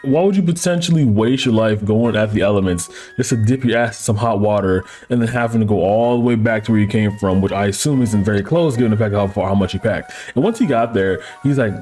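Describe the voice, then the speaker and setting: A man's voice: lowish voice, fast, few pauses, mellow, soft background music. A man hosting a casual anime review, talking in crude slang with frequent laughing asides.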